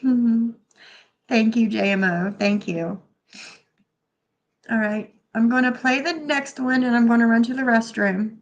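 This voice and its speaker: A woman's voice: on the high side, unhurried, long pauses, highs cut off. A woman hosting a live stream, chatting casually and thanking viewers as she reads their comments. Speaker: livestream host.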